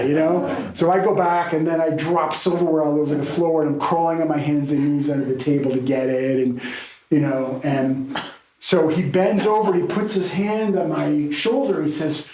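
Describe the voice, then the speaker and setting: A man, a podcast guest and keynote speaker, telling a story in a lively way and laughing now and then. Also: on the high side, moderate pace, roomy sound, rough recording.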